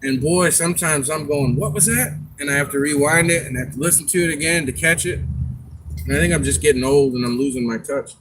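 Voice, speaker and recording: A man's voice: a little high, fast, noisy background. A man from Scotland hosting a livestream, chatting casually and rambling through stories with quoted asides. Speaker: livestream host. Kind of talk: casual chat.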